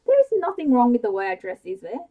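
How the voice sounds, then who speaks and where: A woman's voice: on the high side, huge pitch swings, fast talker, phone-quality sound, voice pushed up. A woman voicing an impulsive, dramatic young actress in a whispered bedtime story. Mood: indignant. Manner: exclaiming and protesting. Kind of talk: whispered role-play.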